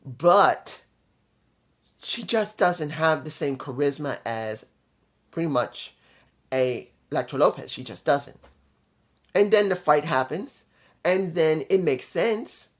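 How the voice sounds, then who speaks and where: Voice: mid-range voice, expressive, slow pace, pauses often. Chatty, rambling show reviewer. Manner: loose and chatty, stumbles over names and corrects himself; blunt, opinionated. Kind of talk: casual rambling video review.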